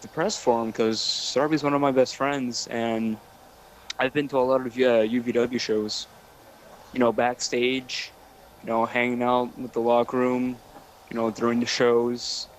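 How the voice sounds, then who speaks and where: A man's voice: medium pitch, level tone, a little slow, a little hiss or hum, poor audio. A man recounting a memory in an interview, talking plainly with many fillers. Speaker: wrestler. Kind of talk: shoot interview.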